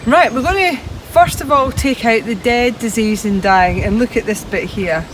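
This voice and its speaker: A woman's voice: on the high side, normal speed, poor audio. A woman presenting a hands-on gardening demonstration outdoors, chatty and practical, talking through each step as she cuts. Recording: outdoor recording with traffic noise. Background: steady outdoor noise with passing traffic.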